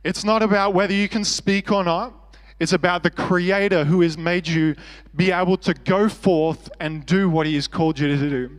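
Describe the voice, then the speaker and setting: Earnest Australian preacher in a reverberant hall. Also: male voice, high voice, fairly even intonation, moderate pace. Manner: earnest, conversational preaching with self-deprecating humor. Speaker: pastor. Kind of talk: sermon.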